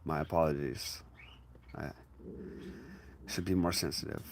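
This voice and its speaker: A man with a fairly low voice talking casually about spiritual matters. He speaks in a reflective, conversational way and addresses the listener directly. Now and then he jumps into sudden, loud, acted-out inner voices. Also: measured pace, gravelly, long pauses. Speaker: spiritual teacher.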